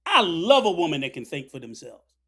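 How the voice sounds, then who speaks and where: A man's voice: on the high side, big pitch swings, a little fast, pushed and bright, breathy edge. A middle-aged man, delivering an angry, profane, preachy rant as a commentator. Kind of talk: ranting commentary.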